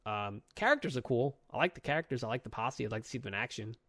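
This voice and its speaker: A man's voice: medium pitch, lively intonation, fast, pushed and bright, no room sound, studio quality. A young man co-hosting a casual comic book podcast. He talks profanely and acts out characters' lines. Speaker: podcast co-host.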